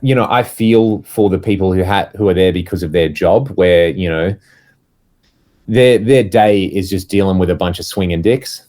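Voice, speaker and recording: Guy, low register, casual co-host, animated anecdotes with acted-out quotes. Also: normal speed. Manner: animated storyteller, acts out quoted voices. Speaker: podcast co-host, touring musician. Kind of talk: casual chat.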